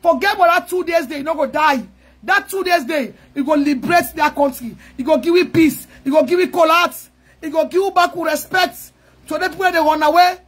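High-pitched sierra leonean krio woman, fired-up political rally talk, shouts her slogans. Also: a little fast. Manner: fiery, chanting slogans, often shouting. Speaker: political activist addressing supporters. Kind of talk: rousing political speech.

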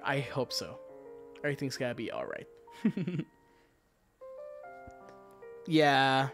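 A man chatting casually on a livestream, excitable and quick to laugh, swearing freely between thanks to viewers. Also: fairly high pitch. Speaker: virtual idol streamer.

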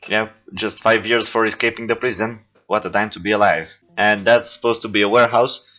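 Low-voiced man in laid-back commentary. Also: a little fast. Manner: relaxed, rambling, lots of "uh" fillers. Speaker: filmmaker reviewing his own films. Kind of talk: casual commentary.

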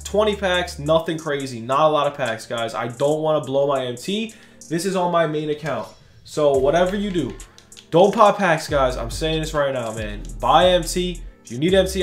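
A young man doing casual, excitable commentary for a gaming video, slangy and hyped, jumping between shouting and muttering. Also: high voice, reverberant. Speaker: gaming YouTuber. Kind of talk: casual pack-opening commentary.

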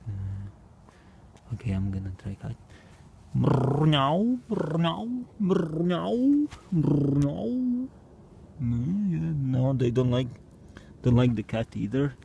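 A man with a soft, mellow tone thinks aloud slowly, filling the gaps with ums and restarts. Now and then he breaks into mooing, barking or meowing. He is outdoors at night, chatting casually to the camera. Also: medium pitch, gravelly, a little hiss or hum. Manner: hesitant, wondering, with bursts of mooing, barking and meowing. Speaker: vlogger. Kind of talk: casual experiment commentary.

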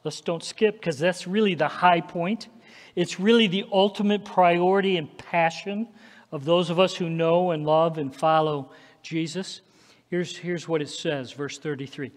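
A man with a high, bright voice delivers a sermon at an unhurried, deliberate pace. He leans on emphasis and keeps asking the congregation "okay?" as he goes. His words ring out with the long reverb of a church sanctuary. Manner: emphatic preaching, frequent "okay?" check-ins with the congregation. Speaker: pastor.

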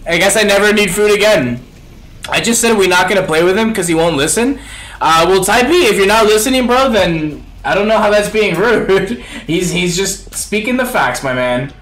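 Young man, game streamer, high voice, jumpy lively pitch, slangy live commentary. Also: normal speed. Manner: excitable, slangy, says bro constantly.

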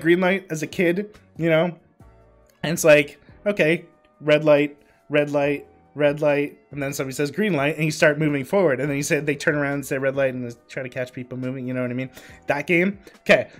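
A man in his twenties telling a story from his past in a casual vlog, swearing freely, breaking into laughter mid-sentence and filling pauses with ums. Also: on the high side, lively intonation, a bit bright, faint music behind. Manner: lots of ums and uhs. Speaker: vlogger.

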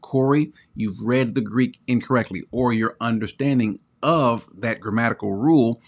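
A man's voice: mid-range voice, normal speed. Emphatic man preaching on video. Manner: emphatic, repetitive, teasing. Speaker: Bible teacher. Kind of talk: impassioned online preaching.

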